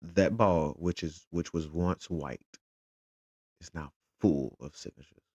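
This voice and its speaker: Father, very low voice, dry slightly muffled sound, lively storyteller. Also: slow, husky, dry recording. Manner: animated, retells conversations in quotes. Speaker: father and football fan. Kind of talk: casual storytelling vlog.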